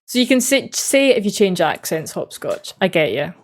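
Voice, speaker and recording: A woman's voice: medium pitch, very animated, normal speed. An Australian woman streamer in casual chat, reading out and answering live chat messages in an easygoing way with frequent laughs.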